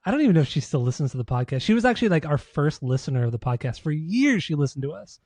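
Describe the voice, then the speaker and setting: A man's voice: fairly high pitch, very animated, rapid-fire, darkish tone, no room sound. A man co-hosting a podcast in casual chat, laughing often and stringing "like" fillers. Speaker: podcast co-host.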